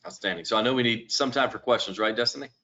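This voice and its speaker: A man presenting in a business webinar, explaining things in a steady, explanatory way. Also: mid-range voice, rapid-fire. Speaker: lending company presenter. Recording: dull lo-fi webinar audio.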